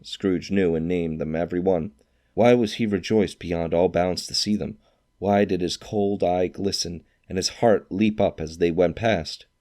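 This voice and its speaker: A man with a very low, dark voice narrates a classic novel in an expressive storytelling manner. He shifts into character for quoted lines.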